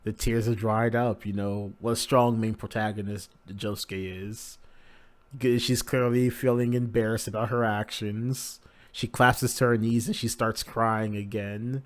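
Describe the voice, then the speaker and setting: A man's voice: on the low side, level tone, a little slow. A man hosting a live manga reaction, narrating the pages casually and crudely with many fillers.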